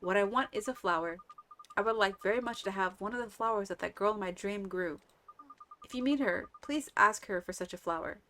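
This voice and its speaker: A woman voicing a dreamy little village girl in a gentle, wondering way. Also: mid-range voice, brisk, a little hiss or hum, close to an everyday voice. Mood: wistful.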